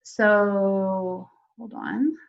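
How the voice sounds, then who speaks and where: A woman's voice: mid-range voice, fairly even intonation, very slow, creaky. Woman explaining on a dull video call. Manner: conversational, explanatory, asks audience questions. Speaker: Hebrew teaching presenter. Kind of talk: virtual teacher training webinar.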